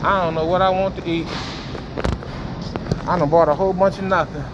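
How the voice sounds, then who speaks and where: Recorded in muffled audio against a noisy store backdrop, a man with a high-pitched voice vlogs casually as he shops in an indoor supermarket. His intonation is fairly even and his pace fairly quick as he teases and jokes with strangers walking past.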